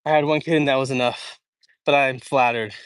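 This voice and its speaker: A man's voice: mid-range voice, fairly even intonation, brisk, fairly bright tone, clear, resonant tone, dry recording. A young man from Idaho hosting a casual walk-and-talk livestream outdoors in a park, hot and sweaty, chatty and rambling, with lots of fillers and restarts, reading and answering chat. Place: outdoors in a large public park.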